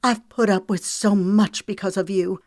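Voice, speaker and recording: A woman's voice: mid-range voice, steady tone, moderate pace, a little mellow, no echo, studio quality, pitched above the performer's own voice, natural voice. A woman voicing a hurt, fiery young red-haired woman in an audiobook reading, speaking in a raised, heated tone. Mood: angry, tearful.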